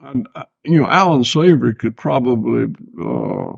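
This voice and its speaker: An older Southern man talks in a gravelly, folksy drawl, circling back over his words before he lands them. The sound is muffled and lo-fi, with a dry, close feel and no room around it. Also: medium pitch, expressive, no room sound. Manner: folksy, unhurried, stammering restarts. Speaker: guest farmer. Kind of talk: casual podcast chat.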